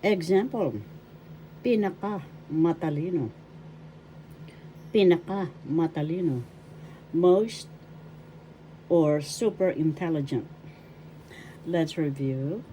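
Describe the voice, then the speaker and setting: A woman from the Philippines teaches a language lesson to camera. She speaks slowly and formally in a low, very mellow voice, sounding out each syllable. Faint room noise sits behind her. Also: poor audio. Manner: deliberate, spells out syllables one by one; formal, repeats her credentials. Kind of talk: slow spoken language lesson.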